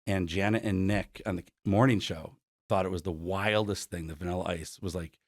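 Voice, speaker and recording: Deep-voiced and fairly even in intonation, a forties-aged concert promoter from Buffalo, New York, tells stories at a moderate pace as an interview guest. He voices the dialogue he quotes and uses "like" a lot. The recording is dry.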